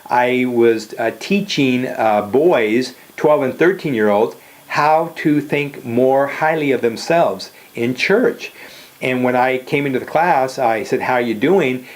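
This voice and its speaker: A man's voice: mid-range voice, expressive, measured pace. An older man giving a casual motivational talk in a direct manner, often checking in with "okay?" and "you know.". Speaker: motivational speaker.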